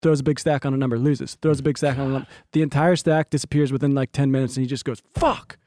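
A man's voice: mid-range voice, fairly even intonation, racing, dark tone, no room sound, clean studio sound. A man co-hosting a podcast, telling rambling stories in casual chat and swearing freely. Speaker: podcast co-host.

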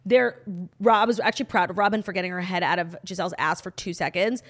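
A woman's voice: lowish voice, fairly even intonation. Gossipy woman co-host, casual chat. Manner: gossipy, quick, swears freely. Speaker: podcast co-host.

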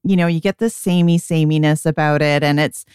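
A woman in her forties, co-hosting a podcast as a beauty editor, chatting casually and often quoting herself in quick asides. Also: low voice, fairly even intonation, a little mellow, clear, resonant tone, no echo, clean studio sound. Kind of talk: casual chat.

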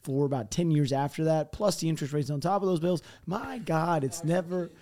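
A man chatting casually as a co-host, blunt and profane, quick to laugh. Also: a little high, dark tone. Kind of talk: casual chat.

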